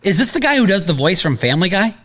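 A man hosting a sports betting podcast, talking in animated, casual banter with easy laughter and a habit of hedging his picks. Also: sits high, fast, noisy background.

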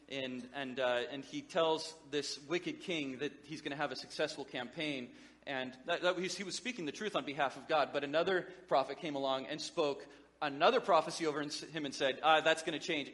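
A man's voice: a little high, a bit bright, long reverb tail. A man preaching a sermon as pastor, in a conversational, joking manner with frequent restarts.

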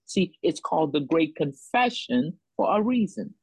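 Breathy woman preaching with repetition. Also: sits low, lively intonation, moderate pace, few pauses, darkish tone, no room sound, poor audio. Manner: call-and-response preaching, repeats phrases for emphasis. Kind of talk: sermon.

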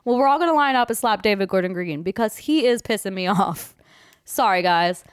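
A woman's voice: medium pitch, lively intonation, fairly quick, smooth, dry recording, clean studio sound. A young woman co-hosting a podcast, giving a blunt, sarcastic movie review in casual chat. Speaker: podcast co-host.

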